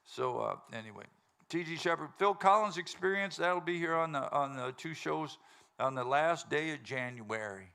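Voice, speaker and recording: A fairly high, animated male voice at normal speed, creaky yet smooth with a sharp tone. He's the host and band singer of a live music show, bantering casually from the stage, joking, rambling, and laughing often with a laughing crowd.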